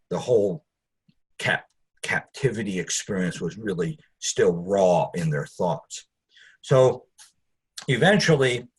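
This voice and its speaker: A man's voice: fairly low pitch, breathy edge. A man teaching a Bible study, conversational and digressive, with asides to his listeners.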